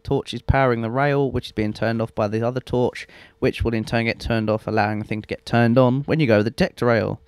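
A man's voice: mid-range voice, steady tone, fast talker, hardly any pauses, a little mellow, clear, resonant tone, no echo. A young man giving rambling, self-mocking gameplay commentary and swearing freely. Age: young adult. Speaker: let's play host.

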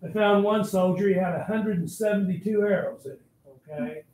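A man's voice: high-pitched, a little fast, darkish tone. A male history teacher telling a story to his class in a dramatic, blunt manner and speaking straight to the students, recorded in an echoey classroom. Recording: echoey classroom, faint noise.

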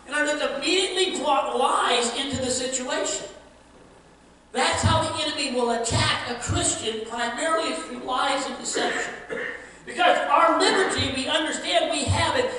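A man's voice: extremely high pitch, brisk, bright, forceful tone. A male pastor preaching a sermon earnestly, with repeated phrases and rising emphasis. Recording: echoey hall from far off, faint noise.

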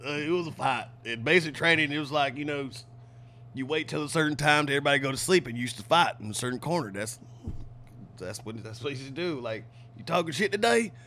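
A man, a podcast guest, telling stories in a relaxed, laughing chat. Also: on the high side, fast. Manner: laughing storyteller, animated. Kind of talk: casual chat.

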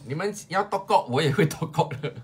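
A man's voice: on the high side, animated, fast talker, breathy edge. A Singaporean man in his fifties selling on a live stream, chatting casually with playful teasing and exaggerated pleas. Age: 50s. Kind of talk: casual live-sale chat.

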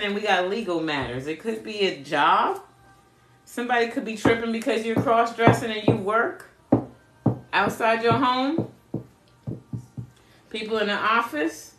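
A woman's voice: medium pitch, fairly bright tone, roomy sound. Blunt laughing woman reading cards. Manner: blunt, profane, laughs a lot; chats with viewers. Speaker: spiritual card reader. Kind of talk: casual live card reading.

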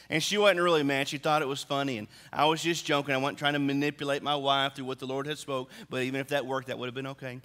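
A middle-aged male pastor in a church sanctuary gives a storytelling sermon with humor and energy. His medium-pitched voice stays level in tone yet bright and forceful, moving at a quick pace with few pauses, and the big hall lends long reverb.

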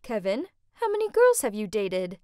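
A woman's voice: mid-range voice, wildly swooping pitch, normal speed, warm tone, clean tone, dry recording, studio quality, voice pushed down. Woman voicing a blunt overprotective mom. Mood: prying. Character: tough overprotective middle-aged mother.

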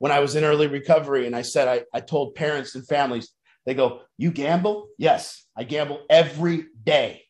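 A man's voice: a little high, fairly quick. A middle-aged man leading a recovery program, talking bluntly and emphatically with plenty of swearing. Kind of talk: motivational talk.

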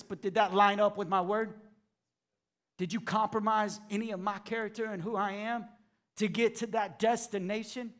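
A male pastor preaching a sermon, acting out the voices of doubters, then dropping to hushed emphasis. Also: sits high, fairly even intonation, normal speed.

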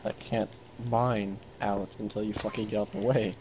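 A man's voice: on the low side, little pitch movement, normal speed, darkish tone, slight background noise. A man in casual gaming chat, grumpy, swearing and exasperated.

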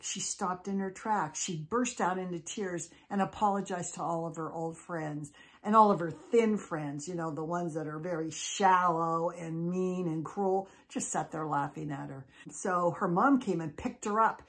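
Animated woman storyteller. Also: fairly low pitch, unhurried. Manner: animated, conversational. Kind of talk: telling an original story.

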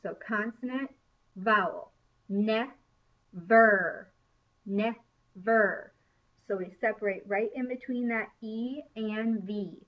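Woman teacher, slow and encouraging, fairly high voice, dull recording from a distance. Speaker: first grade teacher. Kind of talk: recorded classroom lesson.

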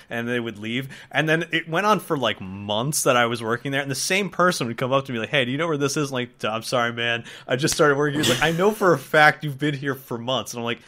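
A young man in casual conversation, spinning laid-back stories full of swearing and playful retorts. His voice is bright and forward, sitting at an average pitch. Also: fast talker, hardly any pauses. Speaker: podcast guest. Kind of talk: casual chat.

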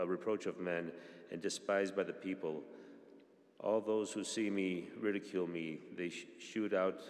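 A man with a very low, level voice reads psalms aloud in a church. His reading is steady and even, with small slips and restarts now and then. A long reverb trails behind each phrase in the large space. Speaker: church reader.

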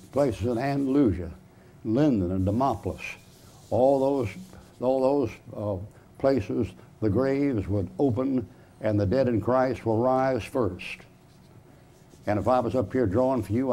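A preacher gives a chalk-talk sermon in a church, his voice dark and mellow. He talks in a folksy, emphatic way, tossing out questions and answering them himself, his pitch sitting right in the middle for a man.

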